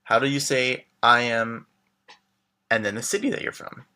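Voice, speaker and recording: A man teaching a beginner language lesson, modeling phrases slowly and clearly, then glossing them and prompting the learner to answer. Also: mid-range voice, animated, bright, forceful tone. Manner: clear, slow modeled pronunciation with English glosses. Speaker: French teacher.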